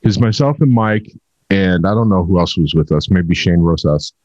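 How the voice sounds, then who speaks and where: A man's voice: low-pitched, moderate pace, darkish tone, no echo. A man from California telling a rambling travel story in a casual chat. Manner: rambling, conversational. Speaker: paintless dent repair technician. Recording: dull lo-fi audio.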